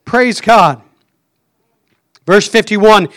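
High, bright-voiced fervent preacher man. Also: unhurried, clear, resonant tone. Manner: fervent, punctuates phrases with "Amen". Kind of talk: sermon.

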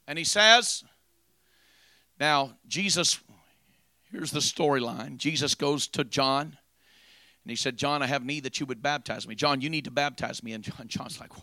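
Bright-voiced man preaching a sermon. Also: medium pitch, no echo. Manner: building from quiet storytelling to loud, drawn-out preaching.

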